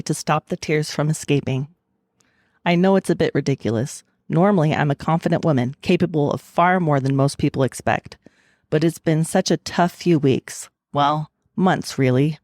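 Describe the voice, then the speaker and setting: A woman's voice: low voice, a little mellow, no echo, studio quality. A woman author talking candidly in an interview and reading her own novel aloud, laughing easily. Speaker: author and guest.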